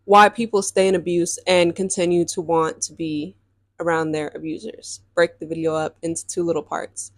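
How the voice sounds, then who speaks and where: A young woman with a lowish voice talks candidly into a close mic, recorded dry. She is casual and emphatic, and she leans on "like" and "um" as she tells a personal story on her podcast. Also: no echo. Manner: casual and emphatic, heavy use of "like" and "um". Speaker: podcast host.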